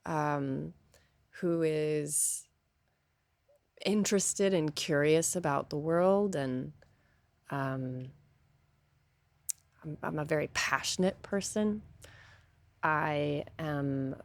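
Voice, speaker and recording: A woman interviewee talking candidly, thoughtful and hesitant, pausing often as she searches for words. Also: deep voice, vocal fry, no echo. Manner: thoughtful and hesitant, with many pauses and fillers. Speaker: guest.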